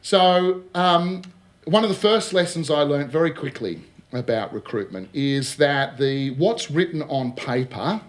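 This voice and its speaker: A middle-aged man speaks in a somewhat high register. He spins workplace anecdotes with energy, slipping into the voices of the people in his stories and checking in with his listeners as he goes. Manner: lively storyteller who acts out dialogue and keeps checking with "all right?". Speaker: speaker on recruitment. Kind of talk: casual anecdotal talk.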